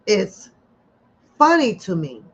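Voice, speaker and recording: A woman's voice: mid-range voice, very animated, slow, husky. A middle-aged woman hosting a live stream, talking casually and bluntly to her viewers, swearing and laughing often. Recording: dull lo-fi stream audio.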